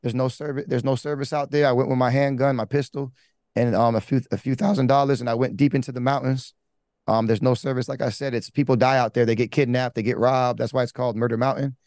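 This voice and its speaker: Talking fast with a darkish tone and fairly even intonation, a medium-pitched man recounts his life as a pastor. His candid testimony rambles casually, filled with slang, fillers, and restarts, in a studio-quality recording with no echo.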